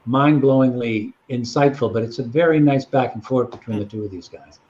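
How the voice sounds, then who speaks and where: A man's voice: medium pitch, brisk, darkish tone, muffled recording. A man telling long anecdotes in a casual chat. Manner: rambling anecdotal storytelling. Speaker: guest storyteller.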